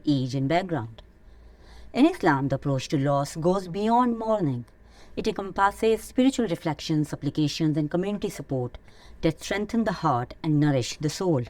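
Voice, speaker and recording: A woman hosting an Islamic teaching channel, reading a scripted lesson in an earnest, measured way. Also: low-pitched, a little mellow. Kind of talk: scripted religious teaching narration.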